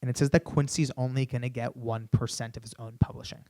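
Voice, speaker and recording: A young man giving a keynote on a conference stage, telling an animated story through a stage microphone, with many "you know"s. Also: medium pitch, fast talker. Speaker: keynote speaker.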